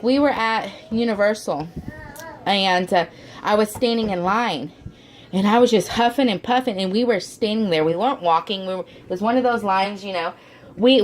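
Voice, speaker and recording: A woman and mother of four chatting casually to her camera at home, rambling, with lots of fillers and restarts, and the odd "y'all". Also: mid-range voice. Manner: homey, says "y'all". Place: at home, indoors.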